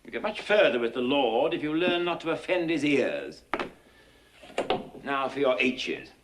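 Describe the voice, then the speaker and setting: Professor Higgins, an exasperated professor. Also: male voice, mid-range voice, big pitch swings, unhurried, noisy background. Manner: exasperated, lecturing, theatrical. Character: imperious male phonetics professor drilling a pupil. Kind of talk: 1960s film musical acting.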